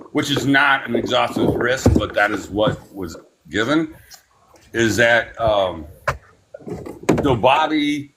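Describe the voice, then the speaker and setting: A man leading a spiritual class, talking in a meandering, unhurried way with many fillers and giving slow, soothing breathing cues. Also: medium pitch, background noise. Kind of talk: guided breathing meditation class.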